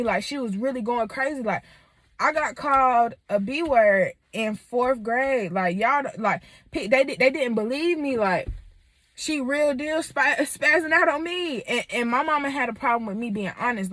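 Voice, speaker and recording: Woman with a higher voice, candid storytelling. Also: moderate pace, dry recording. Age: 20s. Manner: candid and animated, lots of fillers. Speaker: vlogger. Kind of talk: personal storytelling.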